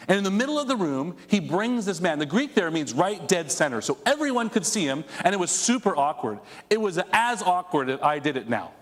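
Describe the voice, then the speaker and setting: A male pastor preaching a conversational, animated sermon to his congregation, with asides to the people in the room. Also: high-pitched. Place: church sanctuary before a congregation. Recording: long echo of a church hall.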